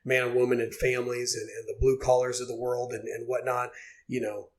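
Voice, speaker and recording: A man's voice: mid-range voice, little pitch movement, a little fast. A man in his forties from Oklahoma, a podcast guest telling his story in an earnest, heartfelt way, with lots of fillers. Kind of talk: casual podcast interview.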